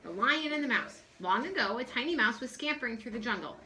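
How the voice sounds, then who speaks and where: A woman reading a children's picture book aloud in a friendly, expressive way. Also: fairly high pitch, fast talker, a little hiss or hum. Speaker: story reader.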